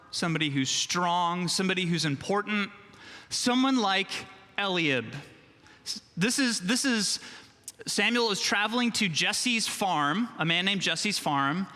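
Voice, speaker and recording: A male pastor giving a children's sermon in a church sanctuary, speaking slowly and emphatically and leading the congregation to repeat phrases after him. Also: high-pitched, sharp tone. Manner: slow, emphatic, leads call-and-response. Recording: long church reverb.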